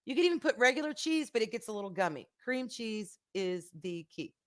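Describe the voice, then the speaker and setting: A woman's voice: fairly high pitch, very animated, fairly quick, a bit bright. A middle-aged woman, hosting a casual livestream and reading viewer comments, talking frankly and emotionally and swearing freely. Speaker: livestream host.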